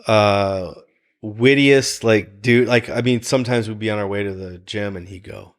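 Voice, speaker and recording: Man, low voice, casual podcast guest, animated storytelling, laughs easily. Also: moderate pace. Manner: animated, laughs often, acts out quotes. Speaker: guest, fighters' chef.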